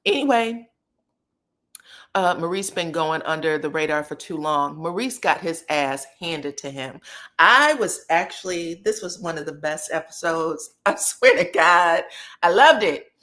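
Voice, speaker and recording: A woman's voice: fairly low pitch, unhurried. A woman hosting a casual live stream, recapping a reality show with sassy, profane commentary and talking to her chat. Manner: animated, sassy, profane, quotes people in put-on voices.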